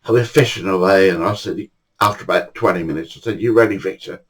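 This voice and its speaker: Husky older man. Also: sits low, fast, fairly bright tone, low-quality recording. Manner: chatty, swears casually, acts out dialogue. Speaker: storyteller. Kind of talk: casual anecdote telling.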